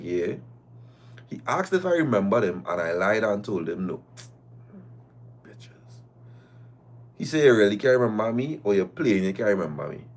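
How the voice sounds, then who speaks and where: A man reads a listener's story aloud on a live stream, speaking as its first-person teller. His voice sits low, yet his pitch leaps and swings widely from line to line. He keeps breaking off to tease the listener. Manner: animated reading in the first person, with teasing asides.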